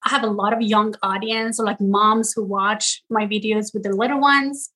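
Woman guest with a Persian accent, husky and bright, lively chat. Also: medium pitch, moderate pace, rough recording. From Iran. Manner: animated, laughs often, searches for words. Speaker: guest, content creator. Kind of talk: casual interview chat.

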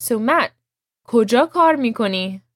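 A woman's voice: a little high, lively intonation, fast talker, a bit bright, no echo, studio quality. A woman teaching a language lesson, patiently explaining words and drilling phrases with her student.

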